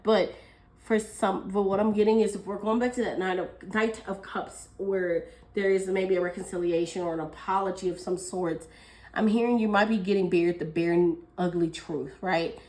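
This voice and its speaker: A woman's voice: lowish voice, steady tone, moderate pace, a little mellow, poor audio. Woman doing a laid-back tarot reading, chatty, kinda talks as she thinks, lots of ums. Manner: chatty, thinking aloud, frequent laughs and fillers. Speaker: tarot reader. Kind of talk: casual tarot reading monologue.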